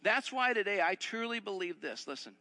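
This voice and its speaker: A man's voice: high voice, lively intonation, fairly quick, bright, forceful tone, big-room sound. A man preaching a sermon as pastor, earnest, repeating phrases and asking the listeners direct questions.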